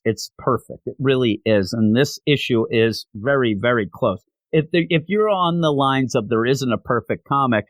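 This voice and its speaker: Guy hosting a comic podcast, rambly and excited, mid pitch, dry close sound. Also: no room sound. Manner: enthusiastic, rambling, with many fillers. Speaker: podcast host. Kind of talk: casual comic book recap.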